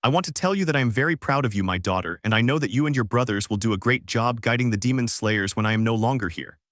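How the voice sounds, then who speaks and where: Gentle dying older father, read by a man, flat reading voice, mid pitch, dry close mic. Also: fast, no room sound, natural voice.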